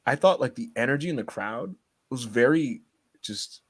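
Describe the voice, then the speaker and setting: A man co-hosting a casual podcast, excitable and teasing, laughing often as he talks. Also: mid-range voice, moderate pace, husky. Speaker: podcast co-host.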